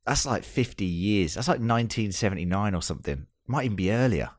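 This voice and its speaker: A man's voice: lowish voice, lively intonation, fast talker, no echo, clean studio sound. A man co-hosting a casual film podcast, swearing and joking through loose banter. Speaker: podcast co-host.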